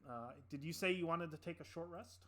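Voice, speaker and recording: A man narrating an improvised tabletop game as dungeon master, pausing with many fillers and restarts. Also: on the high side, pushed and bright.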